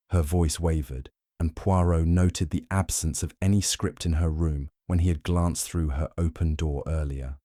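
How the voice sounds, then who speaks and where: A man narrating a mystery audiobook in a measured, scripted storytelling style. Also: a bass voice, steady tone, warm tone, dry recording, clean studio sound.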